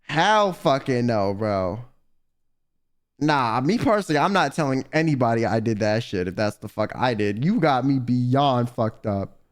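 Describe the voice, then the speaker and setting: A man's voice: mid-range voice, lively intonation, moderate pace. A young man streaming, reading viewer confessions aloud and reacting with profane, exasperated commentary. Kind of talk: casual livestream commentary.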